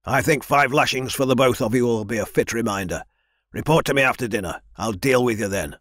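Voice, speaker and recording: A man's voice: mid-range voice, a little fast, fairly bright tone, no room sound, studio quality, lightly acted. A man voicing a stern, commanding military captain who demands discipline.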